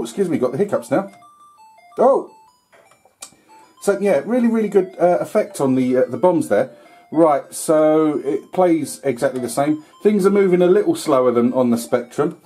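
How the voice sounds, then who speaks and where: A man's voice: a little high, expressive, moderate pace, warm tone, breathy edge, faint music behind. A man giving casual, rambling commentary while playing an old computer game, with filler words and mild swearing. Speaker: retro gaming YouTuber.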